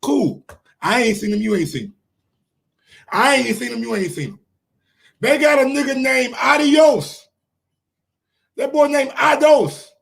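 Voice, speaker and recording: A man's voice: very high-pitched, unhurried, vocal fry, pauses often. A man with a New York accent hosting a casual live-stream sports show, ranting and firing rhetorical questions at his viewers. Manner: animated, ranting, asks the chat rhetorical questions.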